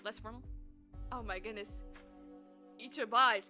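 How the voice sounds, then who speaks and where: A woman streaming a story game, reading it aloud and chatting with viewers, quick to burst into excited exclamations. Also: on the high side, over music. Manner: excitable, breaks into squeals and exclamations.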